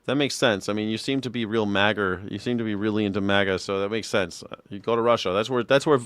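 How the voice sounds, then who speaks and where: A man's voice: lowish voice, fast, fairly bright tone, clean tone, no echo. A man giving casual, profane commentary while reacting to a hearing clip, blunt and sarcastic. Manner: sarcastic, blunt, swears freely.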